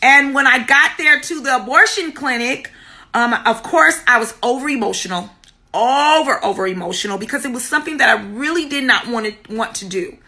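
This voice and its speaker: A woman's voice: high voice, brisk, sharp tone. A middle-aged woman earnestly telling her own story on a live stream, greeting viewers by name and repeating key words for emphasis. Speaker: womb healing teacher. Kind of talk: live stream testimony and teaching.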